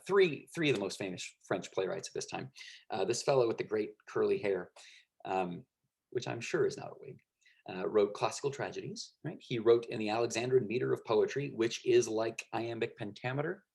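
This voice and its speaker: A man's voice: lowish voice, brisk, vocal fry, darkish tone, slightly rough. A man teaching a lecture in a conversational way, with frequent fillers and checks for understanding.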